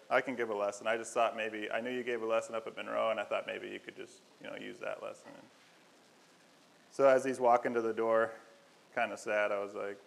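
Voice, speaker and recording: A man's voice: on the low side, vocal fry, fairly bright tone, rough recording. A young man preaching a casual, joking sermon, telling stories with self-deprecating humor. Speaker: lay preacher.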